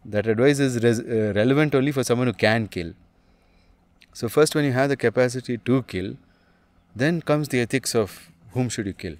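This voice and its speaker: Blunt, animated male spiritual teacher. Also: mid-range voice, moderate pace, no echo. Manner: animated and blunt, laughs often, calls the listener man and dude. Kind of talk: casual spiritual talk.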